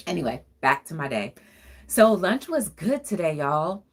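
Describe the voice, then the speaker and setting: A woman's voice: lowish voice, wildly swooping pitch, slow pace, pauses often, husky. A woman hosting a casual livestream talk show, chatty and encouraging, with sing-song greetings and easy laughter.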